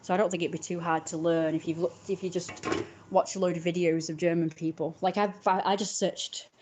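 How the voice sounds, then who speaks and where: A woman chats loosely with her viewers. She rambles, restarts and fills her talk with "like" and "you know", in a voice pitched a little low. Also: fairly even intonation, fairly quick, background noise. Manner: rambling, chatty, many fillers and restarts. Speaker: streamer chatting with viewers. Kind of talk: casual chat.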